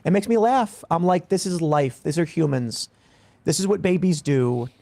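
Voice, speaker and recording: A man on a podcast giving opinions in an emphatic, deadpan way, often repeating his words. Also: on the high side, normal speed, vocal fry, dry recording. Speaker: podcast host in a played clip. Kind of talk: opinionated talk show chat.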